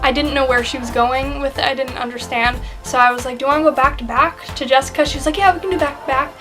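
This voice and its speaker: A woman's voice: high-pitched, fairly even intonation, over music. A young woman chatting casually in a vlog, giggling often and acting out what people said. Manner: giggly, chatty, quickly shifting between quoted voices. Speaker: vlogger. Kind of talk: casual chat recounting a fan convention.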